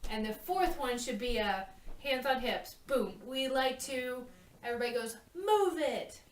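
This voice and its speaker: Woman walking kids thru a dance number, keeps saying okay, higher voice, echoey room, mic a bit far off. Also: normal speed, a little hiss or hum. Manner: chatty, checks in with "okay?". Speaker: choreographer. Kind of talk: dance walkthrough.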